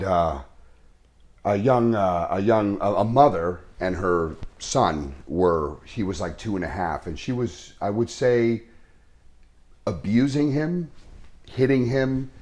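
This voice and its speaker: A man, an actor, telling an earnest and halting story in an interview, full of restarts. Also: lowish voice, a little mellow.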